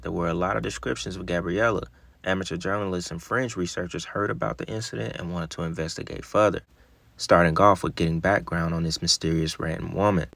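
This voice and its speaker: A man's voice: deep voice, gravelly, a bit bright, dry recording. A man narrating a mystery case, reading an article aloud with casual asides. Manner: casual asides between read passages.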